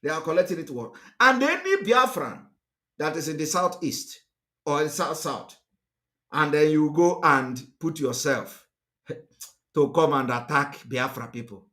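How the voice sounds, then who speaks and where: A man's voice: fairly high pitch, sing-song, measured pace, sharp tone. A man with a Nigerian accent gives a fiery, repetitive, emphatic political monologue as a livestream host.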